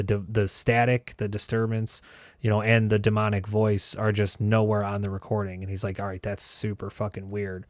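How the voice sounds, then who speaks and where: This show host has a fairly low, darkish voice, captured in a dry recording with clean studio sound. He tells his story casually and loosely, swearing often and padding his talk with "like" and "you know."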